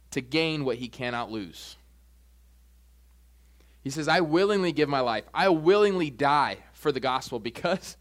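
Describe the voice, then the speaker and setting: A young man preaching a sermon as pastor, animated, jumping his voice up high when acting out quoted asides.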